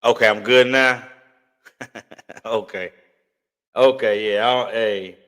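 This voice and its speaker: Male livestream host, bright, forceful voice, chatty and repetitive, slang-heavy. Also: on the low side, fairly even intonation, takes it slowly. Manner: loose, slangy, repeats himself, thinks aloud. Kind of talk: casual live-stream chat with viewers.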